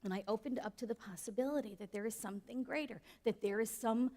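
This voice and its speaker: A woman's voice: fairly high pitch, quick pace, dark tone. Conversational woman minister in a reverberant hall. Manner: conversational, asks the audience questions. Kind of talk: sermon.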